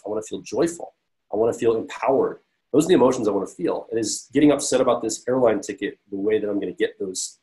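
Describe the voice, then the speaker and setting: A man's voice: fairly low pitch, darkish tone, low-quality recording. A man who coaches on personality types, talking casually and earnestly, explaining his points through his own examples. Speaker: personality coach and podcast co-host. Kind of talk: casual advice talk to camera.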